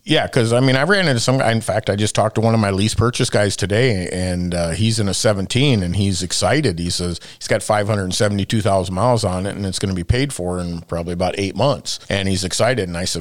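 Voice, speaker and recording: A man's voice: on the low side, a little fast, hardly any pauses, dry recording. A man hosting a casual work chat, rambling through stories and asking many questions. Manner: chatty, rambling, asks lots of questions.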